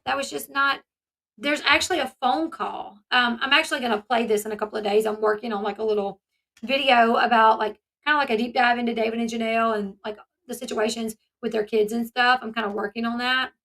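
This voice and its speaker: A woman hosts her own commentary channel, talking in a casual, chatty way. Her voice sits high and sounds bright and forward. She retells events with animation, slipping into the voices of the people she quotes. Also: fairly even intonation, fairly quick.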